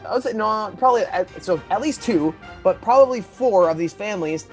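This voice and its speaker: A man co-hosting a casual podcast, rambling and animated, often acting out quoted lines. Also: high-pitched, a little fast, faint music behind. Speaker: podcast co-host.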